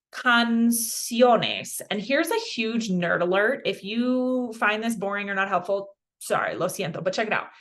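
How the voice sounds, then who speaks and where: A young woman teaching a casual beginner language lesson in a chatty, self-deprecating, animated way. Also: mid-range voice. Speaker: Spanish teacher.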